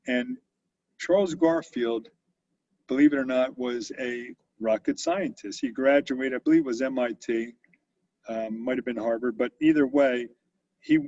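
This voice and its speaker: An older man spins business stories in an animated way. He often slips into the voices of the people he quotes. His voice is gravelly and sits at a middle pitch. It is recorded dry and sounds dull and lo-fi. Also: no echo. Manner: animated storyteller who acts out quotes. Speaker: company founder and guest speaker. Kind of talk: storytelling interview.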